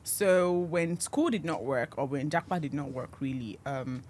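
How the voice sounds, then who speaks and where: A man's voice: on the high side, animated, measured pace, a little mellow, a little hiss or hum. A Nigerian man with a Nigerian accent, hosting a podcast and talking in a reflective, conversational way. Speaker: podcast host. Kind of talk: casual interview chat.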